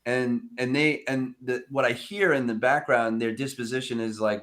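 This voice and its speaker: A man chatting casually on a podcast about cold calls, animated, laughing often and acting out phone calls in quoted voices. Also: mid-range voice, normal speed. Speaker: sales development rep.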